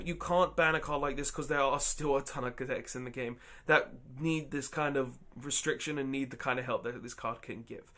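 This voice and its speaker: A man with a fairly high-pitched voice presents his own card game channel. He argues his opinion emphatically, circling back and repeating points and often restarting words mid-sentence. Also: pushed and bright. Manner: emphatic, repetitive, stumbling restarts. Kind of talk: opinionated commentary vlog.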